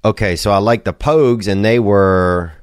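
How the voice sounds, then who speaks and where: A man's voice: lowish voice, normal speed, clean tone, no echo. A man hosting a podcast, rambling casually with a loose, joking, drawling manner and frequent swearing. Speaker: podcast host.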